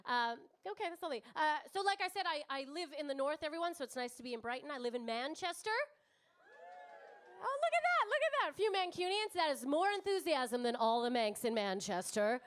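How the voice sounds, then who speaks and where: Woman, 30s, high voice, brash stand-up comic, swearing, bantering with the audience. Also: lively intonation, quick pace, hardly any pauses. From Canada. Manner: brash, swearing, chatty with the crowd. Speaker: stand-up comedian. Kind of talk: stand-up comedy set. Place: comedy club stage.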